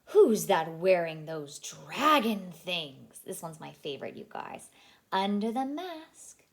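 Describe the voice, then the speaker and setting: A woman childcare teacher reading a picture book aloud to young children, asking them questions and dropping into a hushed whisper for suspense. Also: on the low side, slow. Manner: animated, asks the children questions.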